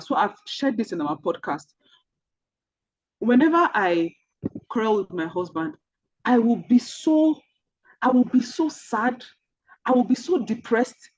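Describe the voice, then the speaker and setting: Husky Nigerian woman, earnest storytelling. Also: a little high, darkish tone, no echo, dull audio. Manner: earnest, repetitive storytelling that speaks directly to listeners. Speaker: mentor. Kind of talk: personal storytelling in an online mentorship session.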